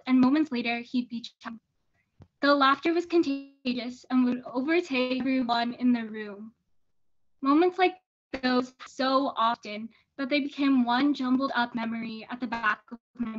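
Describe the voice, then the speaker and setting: High-voiced teenage girl reading her essay. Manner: earnest, steady reading with small restarts. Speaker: student reader. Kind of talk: reading a personal essay aloud. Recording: dull lo-fi sound.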